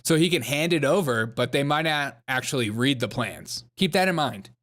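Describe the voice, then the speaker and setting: A man's voice: medium pitch, expressive, moderate pace, fairly bright tone. A man hosting a comedic commentary show, reacting sarcastically to clips and laughing often.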